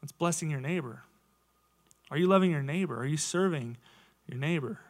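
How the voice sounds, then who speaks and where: A man's voice: fairly high pitch, moderate pace. A man in his thirties giving a casual, conversational sermon to his church, full of rhetorical questions. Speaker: lay preacher.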